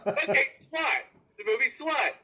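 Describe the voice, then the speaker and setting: A man's voice: very high voice, lively intonation, measured pace, a loud crowd, rough recording. A man co-hosting a casual chat, enthusiastic, repeating himself and swearing freely.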